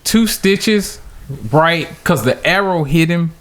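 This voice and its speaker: A man co-hosting a casual podcast, telling a childhood story with lots of laughter and acted-out quotes. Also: slow. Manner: animated, laughs often, acts out quotes in high voice. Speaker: podcast co-host.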